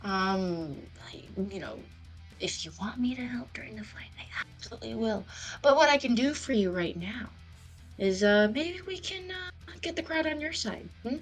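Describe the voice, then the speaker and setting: A woman's voice: on the high side, very animated, measured pace, soft background music, voice pushed up. A woman voicing a chatty young male hustler with wheedling salesman patter, in a tabletop game. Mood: scheming.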